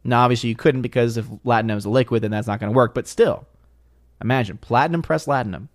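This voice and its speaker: A man casually reading and joking about viewer comments on a live stream, in an animated, playful way. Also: mid-range voice, fast talker. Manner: animated, jokey riffing on chat comments.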